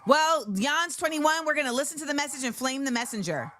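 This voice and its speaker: A woman's voice: high-pitched, fairly quick, slight background noise. A woman hosting a show, chatting animatedly about music, reacting to viewer comments and breaking into snatches of song. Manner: animated, sings snippets and reacts to chat. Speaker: talk show host. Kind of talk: casual livestream commentary.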